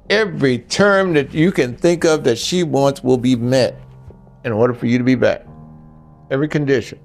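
With a mid-range voice and vocal fry, an older man talks straight to the men in his audience. He gives blunt relationship advice in a casual, story-filled monologue.

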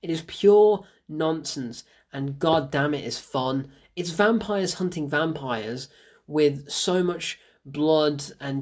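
A man giving a casual film review, excitable, laughing often and repeating himself for emphasis. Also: fairly high pitch.

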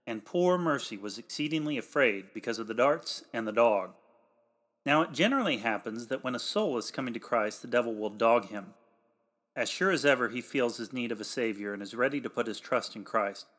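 Emphatic formal male preacher. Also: mid-range voice. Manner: emphatic, swells louder on exhortations; old-fashioned formal pulpit diction. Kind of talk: read sermon.

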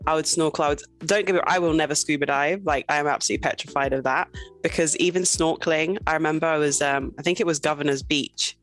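A young adult woman, a guest in a casual interview, talking in a lively way and laughing often. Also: deep voice.

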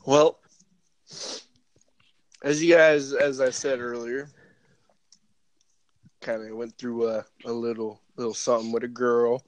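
A man's voice: medium pitch, level tone, takes it slowly, long pauses, no echo. A man co-hosting a podcast in casual chat, rambling and swearing freely as he gets emotional. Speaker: podcast co-host.

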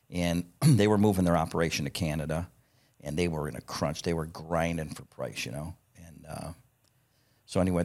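Man, very deep voice, husky, middle-aged, blunt storyteller, swears a lot. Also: a little mellow. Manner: blunt, profane, laughs while telling stories. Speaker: guest, parts company founder. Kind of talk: casual storytelling interview.

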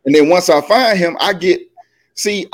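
A man with a high-pitched voice co-hosts a faith podcast, speaking at a moderate pace. He sermonizes in a casual, folksy way, sprinkling in slang.

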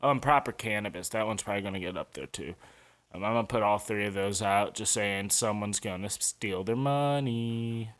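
Ranting, crude St. podcaster. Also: male voice, on the low side, brisk, fairly bright tone. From St. Louis, USA. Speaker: podcast host. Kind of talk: profane podcast monologue.

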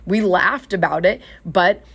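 Lady coach on a podcast, low husky voice w some gravel, chatty and earnest. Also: unhurried, fairly bright tone. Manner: earnest, retells conversations with acted quotes. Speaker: life coach and podcast host. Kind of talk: casual storytelling.

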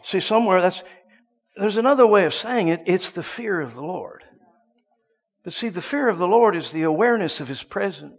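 A man preaching a sermon, telling a story and swinging from hushed asides to loud bursts. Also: high-pitched, lively intonation, normal speed, big-room sound.

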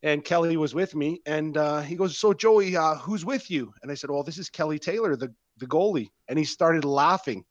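A man from Canada in a casual chat, telling a story about an old teammate in a relaxed, teasing way with plenty of "uh"s. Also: fairly high pitch, brisk, few pauses, no echo, dull audio. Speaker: podcast co-host and old teammate.

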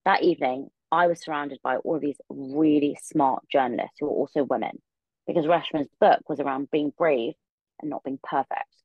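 Podcast guest: young woman, low voice, rapid rambling storyteller, dull lo-fi dry recording. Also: slightly rough, dry recording. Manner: rambling, many filler words. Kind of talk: casual storytelling. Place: her room.

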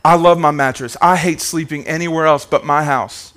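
High-voiced pastor guy preaching hard, singsongy, repeats himself, keeps calling out to the crowd. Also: fairly even intonation, normal speed, fairly bright tone. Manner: fervent preaching with sing-song cadence and repeated phrases; calls out to the congregation. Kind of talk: sermon.

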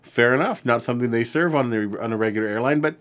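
A man's voice: mid-range voice, quick pace, a bit bright. A man hosting a comedy advice podcast, joking with his guests and wrapping up the show. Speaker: podcast host.

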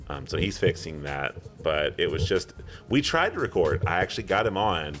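A man's voice: a bass voice, moderate pace, fairly bright tone. A man in his thirties co-hosting a podcast, chatting casually and rambling off on tangents with chuckles. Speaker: podcast co-host.

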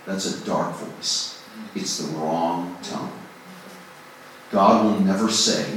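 This songwriting workshop speaker has a low voice with a fairly bright tone and talks slowly, with slight background noise. His informal group talk was recorded from a distance in a big, very echoey room. Chatty and self-deprecating, he acts out what his inner voices say.

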